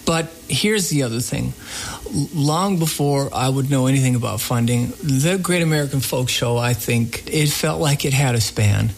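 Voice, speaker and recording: A man, the host of a radio show, telling a story in a casual interview, animated and full of fillers. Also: mid-range voice, normal speed, creaky.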